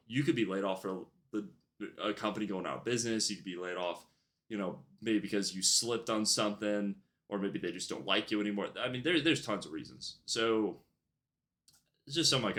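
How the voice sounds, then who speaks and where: A man's voice: lowish voice, pushed and bright. A young man telling a storytime vlog about his retail job in a casual, rambling way, full of fillers and restarts. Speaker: YouTuber telling a work story.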